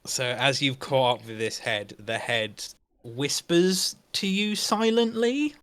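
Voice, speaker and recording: A man narrating as game master of a tabletop game, unhurried and often searching for words. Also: medium pitch, fairly bright tone, clean tone, no room sound.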